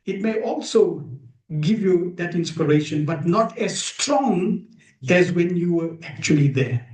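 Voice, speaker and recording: Emphatic high-voiced man preaching slowly. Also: expressive, darkish tone. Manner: emphatic, rhetorical questions, measured pauses. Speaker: spiritual teacher. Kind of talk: devotional talk to a live group. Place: room with a gathered audience. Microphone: streamed live over video call. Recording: echoey room.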